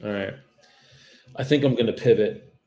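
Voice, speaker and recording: Between cold calls on his livestream, a real estate agent chats casually with viewers, then turns friendly and polite once someone picks up. His lowish voice is warm and moderately paced, often trailing off and restarting sentences, over poor audio with a little hiss or hum.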